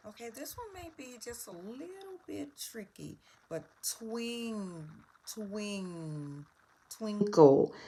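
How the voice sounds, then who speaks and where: Slow, low-voiced woman teacher. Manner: patient, slow, spells words out letter by letter. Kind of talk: spelling lesson.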